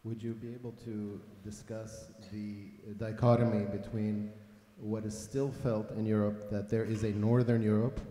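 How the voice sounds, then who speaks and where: A man in the audience asking a question, halting and searching for words. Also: on the low side, little pitch movement, warm tone, a little hiss or hum. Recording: roomy, distant, reverberant hall.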